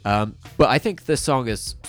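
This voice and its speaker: With faint music underneath, a man co-hosting a podcast talks loosely about an album. His mid-range voice is animated and moderately paced, and his rambling is packed with fillers and restarts.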